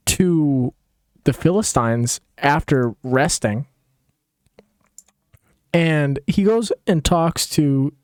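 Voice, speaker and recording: Brief: deadpan-sarcastic male storyteller, unhurried, rambling, dry close sound. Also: a little high, dry recording. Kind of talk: casual comedic retelling.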